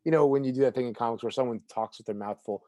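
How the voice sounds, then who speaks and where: A man's voice: mid-range voice, rapid-fire, no echo. A man co-hosting a podcast in a casual, rambling chat about comics. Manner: relaxed, rambling, with frequent fillers and restarts. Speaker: podcast co-host.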